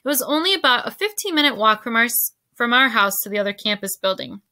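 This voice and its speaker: Woman reading a novel aloud, teacher, steady clear storytelling, somewhat high voice. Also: fast talker.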